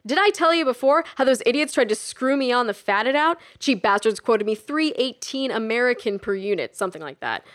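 A woman voicing a brash, smug man who sells kitchen gadgets, talking in a loud, boastful showman pitch. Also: animated, fairly quick, few pauses, natural voice.

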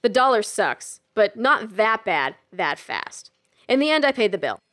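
A woman voicing a brash, smug man who sells kitchen gadgets, talking in a loud, boastful showman pitch. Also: sing-song, unhurried.

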